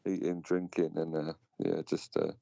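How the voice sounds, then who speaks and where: A man's voice: very deep voice, flat delivery, creaky, mellow, no echo. A man, chatting casually on a live stream and dropping "mate" between phrases. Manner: laid-back, drawn-out fillers and "mate". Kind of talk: casual chat. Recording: dull, dry home recording.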